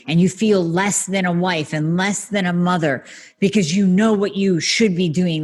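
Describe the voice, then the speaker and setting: A woman hosting a solo health podcast, talking straight to her listeners in a blunt, emphatic way with some mild swearing. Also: on the low side. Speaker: podcast host and functional medicine practitioner.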